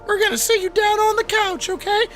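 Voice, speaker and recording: A high, bright, sing-song caregiver coos and talks down to an old cat, as a man puts it on. The voice is syrupy and patronizing, pitched well above the speaker's own. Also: fairly even intonation, brisk, soft background music. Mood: patronizing sweetness.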